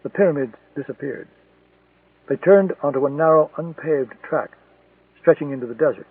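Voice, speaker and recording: A man narrating a thriller audiobook in a steady, measured storytelling manner. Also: a little high, husky, no room sound. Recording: tinny, distant, dry lo-fi recording.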